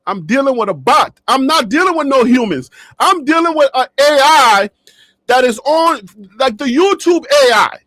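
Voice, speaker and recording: A man's voice: very high-pitched, expressive, normal speed, sharp tone, dry recording, clean studio sound. A man vlogging for his sports channel, talking casually and animatedly to his viewers, joking, laughing often and repeating himself as he vents. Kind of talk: casual talk to camera. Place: his own studio.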